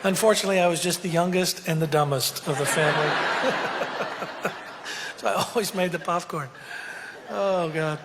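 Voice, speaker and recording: A man's voice: fairly high pitch, moderate pace, pauses often, long reverb tail, heavy background noise. A man telling a rambling, humorous story full of fillers and asides. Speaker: country singer telling a story. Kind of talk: casual storytelling to an audience.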